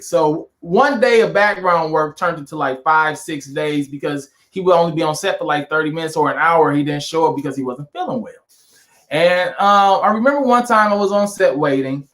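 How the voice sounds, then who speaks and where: A man from Saint Louis, a guest in a casual interview, telling animated anecdotes with lots of fillers. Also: on the high side. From Saint Louis, USA. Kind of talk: casual storytelling chat.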